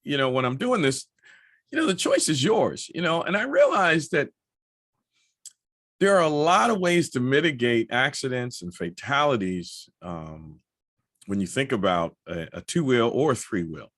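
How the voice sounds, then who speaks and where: A man's voice: medium pitch, very animated, normal speed, a bit bright. A middle-aged man talking casually to camera as a motorcycle vlogger, chatty and anecdotal with many asides.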